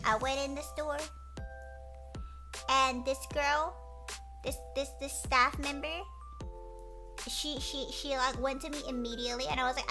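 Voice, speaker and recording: A woman streamer chatting casually and telling a story in an animated way, swearing and restarting often. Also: high-pitched, a little slow, long pauses. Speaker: streamer host. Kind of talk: casual chat. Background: background music.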